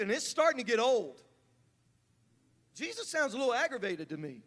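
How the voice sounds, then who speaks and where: A man preaching a sermon as pastor, building from calm teaching to fervent, rising delivery. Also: very high-pitched, moderate pace. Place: church sanctuary. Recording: church hall reverb.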